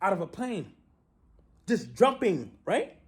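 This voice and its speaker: A man tells a story to his viewers in a casual monologue. His voice swings lively up and down as he dramatizes events. He keeps checking in with the listener by asking "right?". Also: sits high, slow pace. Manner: animated, repeats "right?" often, dramatic retelling. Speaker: vlogger.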